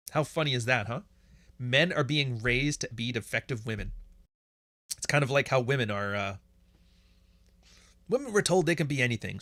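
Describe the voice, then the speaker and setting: Blunt, bright-voiced Canadian man. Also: mid-range voice, no room sound. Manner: blunt, profane and sarcastic, laughs often. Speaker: podcast host answering chat questions. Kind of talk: casual livestream chat.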